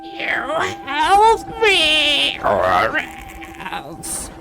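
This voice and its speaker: A man voicing the wailing, rasping ghost of an abandoned little girl who hisses threats and demands. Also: extremely high pitch, wildly swooping pitch, extremely slow, over music, voice pushed up, heavily acted.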